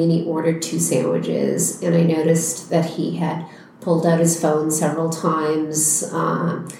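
A woman teacher telling a story in a reflective, unhurried way. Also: deep voice, warm tone, slight background noise. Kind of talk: storytelling in a conversation. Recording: very echoey room.

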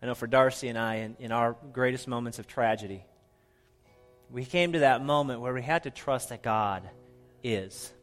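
Faint music plays behind a middle-aged pastor preaching earnestly at a moderate pace in a medium-pitched voice. He often softens to a hushed tone to stress his points.

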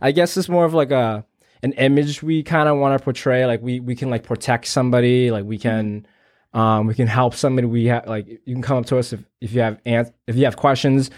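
A man's voice: mid-range voice, fairly even intonation, brisk, a little mellow, dry recording, clean studio sound. A young man on a podcast panel, speaking bluntly with slang and swearing. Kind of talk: casual panel chat.

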